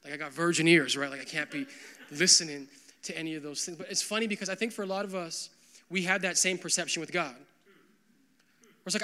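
Young male pastor, high bright voice, casual animated sermon delivery. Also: fairly quick. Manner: conversational, animated, full of "like" fillers.

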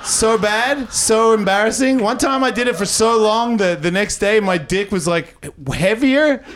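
This clip catches an Australian comedian on a club stage, chatting with the crowd in a profane, wandering set. His voice is high and unhurried, the background is noisy, and audience laughter carries throughout.

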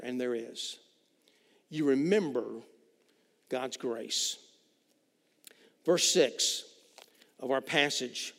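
Pastor preaching in a reverberant hall. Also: male voice, medium pitch, slow, creaky, long pauses. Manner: preaching with sudden swings between loud and hushed. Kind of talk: sermon.

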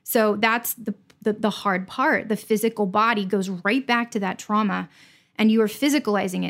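A woman speaking as a podcast guest, earnest and intense, often rushing her words in bursts. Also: medium pitch. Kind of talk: candid podcast conversation.

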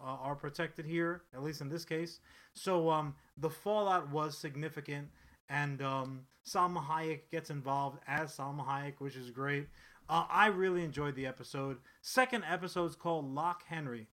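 Sharp-voiced man telling a rambling story. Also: fairly high pitch. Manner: rambling, profane, animated storytelling with frequent restarts. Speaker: podcast co-host. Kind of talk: casual chat.

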